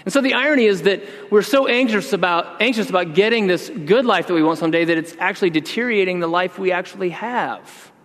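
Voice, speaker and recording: A man preaching a sermon in an earnest, conversational way, slowing down to stress key words. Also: high-pitched, fairly bright tone. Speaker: pastor. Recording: long reverb in a large hall.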